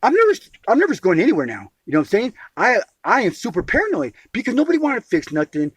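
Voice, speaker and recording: Casting note: a man pouring out a grievance, high husky voice, stumbles and repeats, says sweetie a lot. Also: wildly swooping pitch, quick pace, no room sound. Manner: emphatic, repeats words and calls the listener sweetie; restarts phrases often. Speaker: caller telling his grievance.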